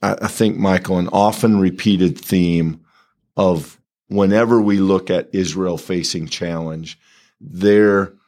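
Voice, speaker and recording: This is a man with a very deep voice, commenting on a bible passage in a conversational way. He thinks aloud, pausing and restarting his sentences. His tone is reflective rather than performed. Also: fairly even intonation, a little mellow. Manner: thoughtful, halting, restarts phrases. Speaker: bible study co-host.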